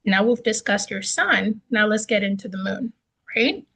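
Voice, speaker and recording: A woman teaching a beginner astrology class in a chatty, expressive way, often checking in with "right?". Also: medium pitch, moderate pace, vocal fry, slightly rough, low-quality recording. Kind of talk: casual class lecture.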